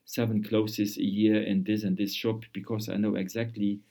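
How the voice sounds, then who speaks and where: Man, interview guest, halting and repetitive, warm dark tone. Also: on the low side, level tone, vocal fry. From Luxembourg. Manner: halting, repeats words while searching for phrasing. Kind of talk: conversational interview.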